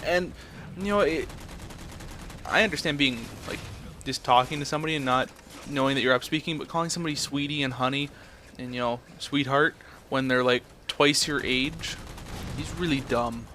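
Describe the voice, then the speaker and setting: A man's voice: mid-range voice, moderate pace, pushed and bright, slight background noise. A young man ranting in a blunt, profane way, telling a story and then commenting on his game footage. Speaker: gameplay commentator.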